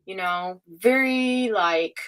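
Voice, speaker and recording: A woman giving a casual livestream tarot reading, excitable, swearing freely and laughing often. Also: mid-range voice, slow pace, clean tone, low-quality recording. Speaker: tarot reader.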